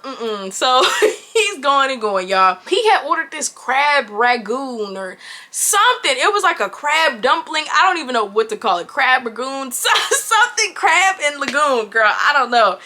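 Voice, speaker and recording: A woman in her twenties telling a storytime vlog to her viewers in an animated, exclamatory, slangy way. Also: high-pitched, measured pace. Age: 20s. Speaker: vlogger.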